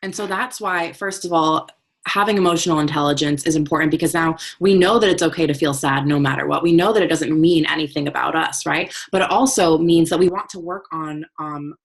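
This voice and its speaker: A woman with a low, husky voice gives a motivational lesson on emotional intelligence. She talks plainly and casually, often pausing to ask her listeners "right?" or "okay?", and lets the odd swear word slip. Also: a bit bright. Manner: conversational, keeps checking in with "right?" and "okay?"; frank, uses casual swearing. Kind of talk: motivational teaching talk.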